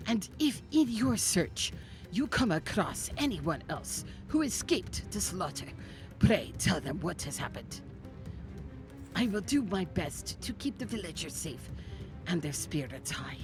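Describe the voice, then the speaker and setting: A woman voicing a solemn old male village elder, speaking slowly with an attempted accent while reading game dialogue aloud. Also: on the low side, very animated, over music. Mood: grave.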